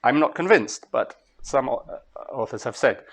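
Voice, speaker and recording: A Scottish man giving a master class on translation, talking to students in a lively way and chanting rhythms aloud. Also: mid-range voice, moderate pace, vocal fry, highs cut off. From Scotland. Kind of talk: lecture to students. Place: lecture hall.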